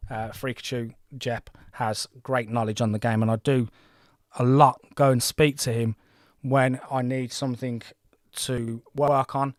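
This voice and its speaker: A man's voice: mid-range voice, little pitch movement, unhurried, no room sound. Chatty man in his forties, dry sound. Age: 40s. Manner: chatty, rambling, self-deprecating. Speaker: gaming livestream host. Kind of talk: casual livestream commentary.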